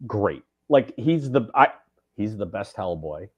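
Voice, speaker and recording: A podcast co-host with a fairly low, husky voice chats casually and with enthusiasm, his pitch swinging widely at an unhurried pace. He often hesitates and restarts sentences, and the audio has its highs cut off.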